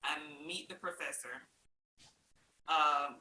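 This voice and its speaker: Woman, interview guest, animated storyteller, acts out quotes, laughs often, roomy recording. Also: low voice, takes it slowly. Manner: animated, acts out other people's lines; laughs often while talking. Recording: roomy with faint hiss.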